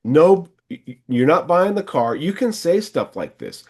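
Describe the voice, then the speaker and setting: A man's voice: on the high side, very animated, unhurried, a little mellow, breathy edge. A man coaching a salesman one on one, casually acting out lines a salesman and a customer might say. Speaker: sales trainer and podcast host.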